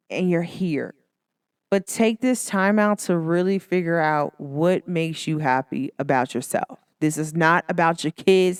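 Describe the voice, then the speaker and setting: A woman's voice: mid-range voice, darkish tone, dry recording, clean studio sound. A woman hosting a casual motivational talk, chatty and encouraging, with lots of filler words. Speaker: podcast host.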